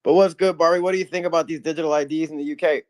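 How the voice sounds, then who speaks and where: A man's voice: on the high side, fairly even intonation, a little mellow. A man hosting a casual livestream chat, teasing his guests and passing the mic around. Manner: teasing, quick-talking. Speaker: host.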